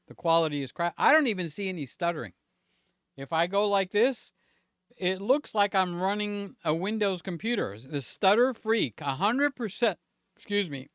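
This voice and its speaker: A talkative man running a live stream from his home studio, his voice a bit higher than most men's and smooth and resonant. The sound is dry and close, with no room echo, and he thinks aloud in a loose, self-mocking way while checking in with his audience. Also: fairly bright tone. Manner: chatty, keeps checking in with viewers. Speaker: livestream host. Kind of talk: casual live-stream chat. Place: home studio with several cameras.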